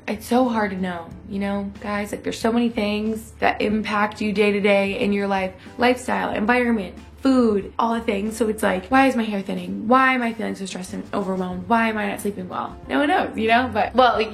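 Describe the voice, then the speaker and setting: A young woman chatting in a confessional vlog, talking fast and loose with lots of "like" and acted-out quotes. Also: mid-range voice, gravelly. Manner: chatty, lots of "like", quoting herself and others. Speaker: vlogger. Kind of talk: casual confessional vlog chat.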